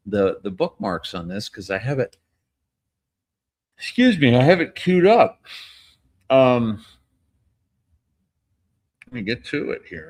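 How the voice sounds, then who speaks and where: A man hosting his own show in casual political commentary, rambling, blunt and profane, breaking into chuckles often. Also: lowish voice. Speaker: host.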